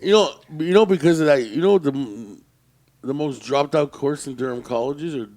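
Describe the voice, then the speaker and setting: A man's voice: a little high, moderate pace, a little mellow. A man co-hosting a podcast in casual chat, telling stories with plenty of swearing and acting out both sides of a conversation. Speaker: podcast co-host.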